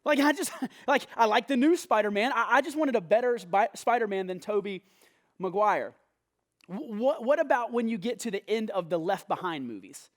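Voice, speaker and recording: A young man hosting a faith talk show, talking to the camera in an upbeat, animated way with quick restarts. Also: high-pitched. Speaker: host. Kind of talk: energetic casual talk to camera.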